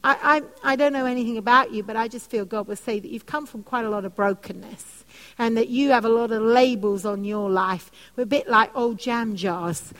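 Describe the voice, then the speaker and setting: A woman preaching and teaching on prayer, telling animated stories. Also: moderate pace. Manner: animated storytelling, soft lowered voice for quoted comforting words. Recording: long hall reverb.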